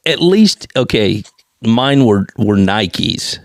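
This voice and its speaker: An older man hosting a podcast, talking in a slow, wry, chatty way. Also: on the low side, very animated, no room sound, studio quality. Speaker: podcast host. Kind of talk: casual chat.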